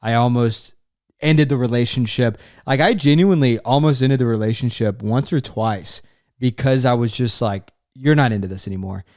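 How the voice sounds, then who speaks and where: A man's voice: mid-range voice, moderate pace, a little mellow, no echo. Young man co-hosting a dry-sounding podcast. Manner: joking, playful questions, rambling storytelling. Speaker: podcast co-host. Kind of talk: casual podcast chat.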